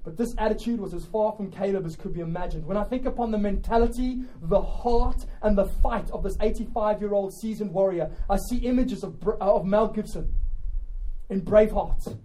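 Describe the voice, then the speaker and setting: A man's voice: high-pitched, brisk, warm tone, low-quality recording. A young man preaching a sermon, impassioned and emphatic, driving his points home with rhetorical questions. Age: young adult.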